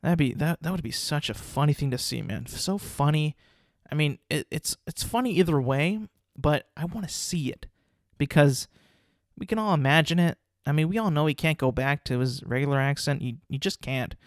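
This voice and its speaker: A man's voice: a little high, lively intonation, moderate pace, no echo, studio quality. Rambling, profane young male podcast host. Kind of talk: casual solo podcast monologue.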